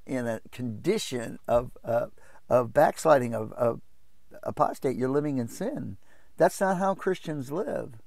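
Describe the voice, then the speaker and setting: A man preaching an informal Bible study from his RV, impassioned and quick to mock opposing views in a raised voice. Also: creaky, no echo, studio quality. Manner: impassioned, jumps into mocking high voices to quote others.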